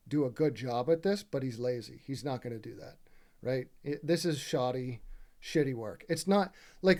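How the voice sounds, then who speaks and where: A man breaking down game clips in a loose, irritated commentary voice. His tone is dark and mellow at an ordinary middle pitch. He swears freely and keeps checking in with the viewer. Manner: exasperated, profane, keeps asking "right?". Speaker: gaming video creator. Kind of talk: casual commentary over gameplay footage.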